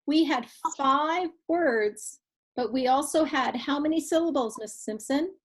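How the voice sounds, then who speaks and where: A woman's voice: high-pitched, a little slow, poor audio. A woman teaching a grade two class in an online lesson, asking the children questions while she counts.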